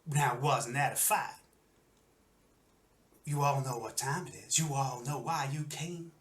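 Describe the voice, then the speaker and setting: A man voicing a theatrical male carnival arena announcer with booming showman patter. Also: steady tone, a little slow, a bit bright, natural voice.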